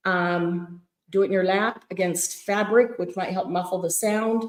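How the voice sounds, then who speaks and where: Hosting a live-stream craft fundraiser sale, a woman with a lowish, slightly slow voice chats excitedly and greets viewers by name. She's in a large, echoey event room at a craft retreat, picked up by a fixed room mic draped with fabric, which gives a muffled tunnel sound.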